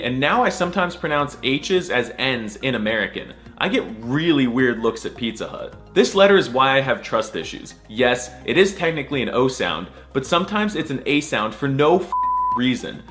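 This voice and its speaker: Animated young man, comic narration. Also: medium pitch. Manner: mock-serious, crude jokes, silly letter sounds. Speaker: comedic video narrator. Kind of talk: comedic scripted narration.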